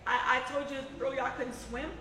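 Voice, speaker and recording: A woman in her seventies, a guest telling animated stories to a live audience in a room, laughing often and acting out conversations. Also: high-pitched, brisk. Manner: animated, laughing, acts out dialogue. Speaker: guest storyteller. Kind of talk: casual live interview storytelling. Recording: roomy, distant mic, noisy.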